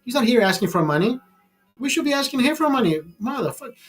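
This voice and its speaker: A man's voice: extremely high pitch, big pitch swings, fast talker, husky. A man hosting his own channel, delivering a heated, profane political rant full of restarts. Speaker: channel host.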